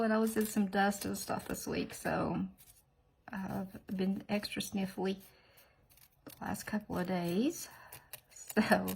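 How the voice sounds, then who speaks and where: A woman hosting a nail tutorial, chatting in a rambling, sniffly way and often dropping into soft whispered asides. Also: mid-range voice, gravelly, husky, rough recording. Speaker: nail art channel host. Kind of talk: casual tutorial chat.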